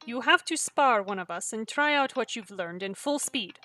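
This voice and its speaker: A woman's voice: a little high, animated, normal speed, bright, forceful tone, soft background music. A woman voicing a confident, teasing female sparring trainer in a put-on accent that drifts Russian. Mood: challenging. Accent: put-on foreign accent that drifts Russian. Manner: teasing, challenging.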